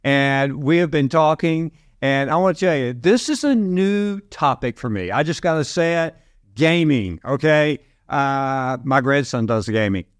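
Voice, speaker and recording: Effusive older Southern man hosting, smooth voice. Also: mid-range voice, expressive, no room sound, clean studio sound. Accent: Southern American. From Alabama. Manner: effusive, repeats himself, drawn-out emphasis. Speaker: podcast host. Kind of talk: enthusiastic interview chat.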